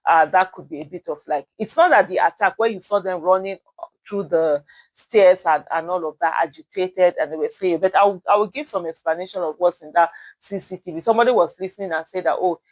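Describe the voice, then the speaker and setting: A woman's voice: on the low side, fairly quick, no echo, poor audio. A Nigerian woman from Edo State with an Edo accent, hosting casual spoken commentary, rambling with many fillers and self-corrections, earnestly urging her listeners. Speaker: commentary host.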